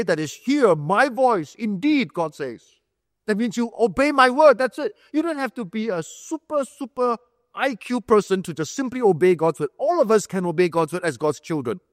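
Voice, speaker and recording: A man delivers a sermon in a notably high voice, close and dry at the mic. He drives points home by repeating them and pauses to quiz his listeners like a teacher. A long reverb from a large hall hangs behind his words. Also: very animated. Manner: emphatic, repeating key phrases; explains like a teacher, asks the room questions. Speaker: pastor.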